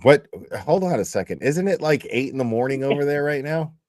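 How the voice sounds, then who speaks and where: A man's voice: a little high, animated, brisk, darkish tone, dry recording, studio quality. A man hosting a call-in show, joking and teasing the caller, swearing casually. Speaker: host.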